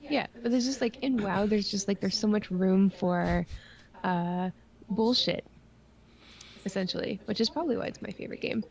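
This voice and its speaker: A young woman from Ontario chats on a gaming stream in a loose, rambling way. Her voice sits at an ordinary middle pitch. She fills her sentences with likes and ums and keeps the tone playful. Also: moderate pace, a little mellow, a little hiss or hum. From Ontario, Canada. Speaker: podcast co-host. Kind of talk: casual chat.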